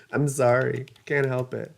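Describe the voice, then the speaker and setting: A woman's voice: rumbling low, little pitch movement, slow, vocal fry. A woman giving a casual astrology reading, chatty and rambling, drifting into side stories. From United States. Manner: rambling, digressive, chatty, self-mocking.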